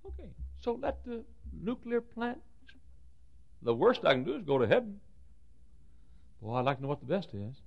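An older man preaching a sermon, telling folksy stories with stammered restarts and sudden swings from loud to soft. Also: high-pitched, sing-song, moderate pace, gravelly, pauses often, muffled recording.

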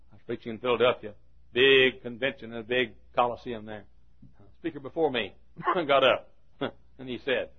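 A man's voice: medium pitch, normal speed, pauses often, slightly rough. A male preacher delivering a dramatic sermon, emphatic and acting out characters as he tells it. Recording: dull lo-fi recording.

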